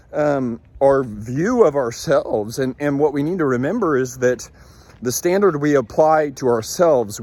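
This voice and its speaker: A man's voice: medium pitch, a little mellow. Chatty man coaching on relationships. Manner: conversational, many fillers and restarts. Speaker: leadership coach. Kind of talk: casual storytelling talk.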